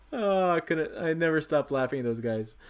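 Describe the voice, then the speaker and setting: A man's voice: fairly high pitch, clear, resonant tone. Rambling man on a livestream. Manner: rambling, self-correcting, swears casually. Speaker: channel host. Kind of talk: casual livestream chat. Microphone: desk USB microphone.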